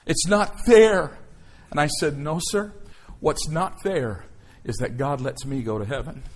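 A man preaching a sermon as pastor, emotional and emphatic, swelling from quiet to loud declarations. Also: medium pitch, expressive, normal speed, slightly rough.

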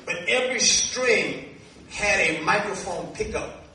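A man preaching a sermon, a lively storyteller who acts out dialogue and laughs along the way. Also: sits high, measured pace, a little hiss or hum. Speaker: minister. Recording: echoey hall from a distance.

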